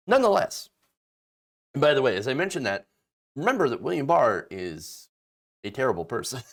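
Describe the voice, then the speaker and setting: A man's voice: on the high side, wildly swooping pitch, moderate pace. A man hosting casual political commentary, sarcastic and mocking, slipping into exaggerated voices to ridicule people.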